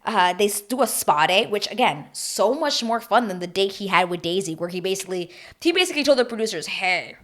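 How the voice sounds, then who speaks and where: A woman giving a chatty, animated recap of a reality TV season, acting out her own reactions as she goes. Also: mid-range voice, quick pace, few pauses. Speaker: TV recap host.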